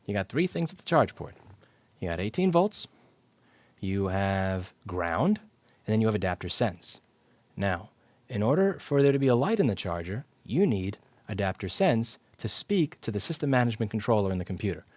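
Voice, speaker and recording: Brief: low-pitched male repair teacher on a live stream, sarcastic and blunt, dry close-miked sound. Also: very animated, moderate pace, a little mellow, dry recording. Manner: blunt, sarcastic, swears casually. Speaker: repair instructor. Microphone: clip-on mic.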